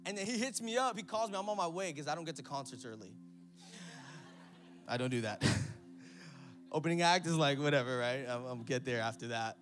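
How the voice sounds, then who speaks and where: A man preaching an energetic sermon in church, telling a story and calling out to the congregation. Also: on the high side, normal speed, pauses often. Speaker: pastor.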